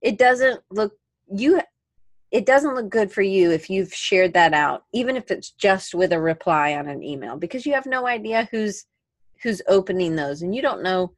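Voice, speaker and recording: Woman podcast host, medium pitch, dry close mic, gives her opinions then jumps to the next question. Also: animated, normal speed, no room sound. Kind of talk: casual interview chat.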